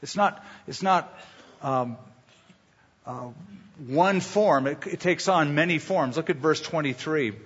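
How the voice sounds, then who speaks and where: A man preaches a sermon with a somewhat high voice. He drives his points home with rhetorical questions and storytelling asides. His voice rings out in a hall with a long, lingering reverb and a slightly dull sound. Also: slow, a bit bright, breathy edge. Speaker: pastor.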